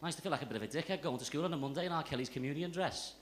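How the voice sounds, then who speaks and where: A man's voice: a little high, rapid-fire, very noisy. A young man with a Liverpool accent doing a stand-up set on a comedy club stage, brash and sweary in his storytelling. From Liverpool area, England. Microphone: stage mic.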